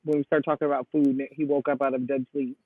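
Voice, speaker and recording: With a mid-range voice and a fast delivery, this man runs a casual live stream, talking on and on, laughing frequently, and acting out his stories. His audio is dry and tinny, phone-like, with no room sound.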